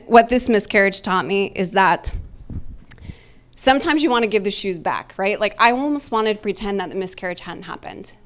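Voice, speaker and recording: A woman's voice: mid-range voice, fairly bright tone. A woman in her forties telling a personal story in stand-up, candid and self-mocking, laughing at herself. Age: 40s. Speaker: stand-up comedian. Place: comedy club stage.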